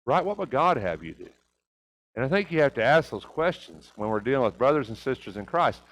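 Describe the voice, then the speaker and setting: A man's voice: medium pitch, big pitch swings, fairly quick, fairly bright tone, rough recording. A man teaching a church Bible class, asking rhetorical questions and often checking in with "right?".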